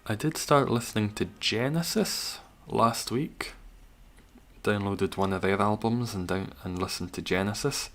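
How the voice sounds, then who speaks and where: In casual live-stream commentary while gaming, a young man talks at a measured pace, his voice on the low side yet fairly bright. He answers chat and teases viewers drily.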